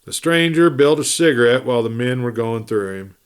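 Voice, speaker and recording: A man's voice: mid-range voice, animated, a little fast, smooth. Man reading a western tale aloud. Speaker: storyteller host.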